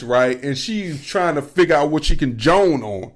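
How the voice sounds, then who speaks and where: A man co-hosting a podcast, telling stories in casual chat with animated, profane energy. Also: a little high, normal speed. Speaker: podcast co-host.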